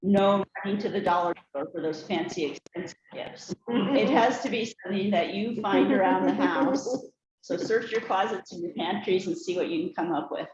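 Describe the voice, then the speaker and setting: A woman's voice: medium pitch, moderate pace, crowd noise. Cheerful woman telling family stories in an echoey room. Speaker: speaker giving a family talk. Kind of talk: prepared speech to a group. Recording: echoey room, slightly dull sound, faint noise.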